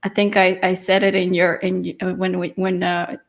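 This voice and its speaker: A woman's voice: lowish voice, monotone, normal speed, vocal fry. A woman hosting a live-streamed talk show, chatty and effusive as she talks with her guest. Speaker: host.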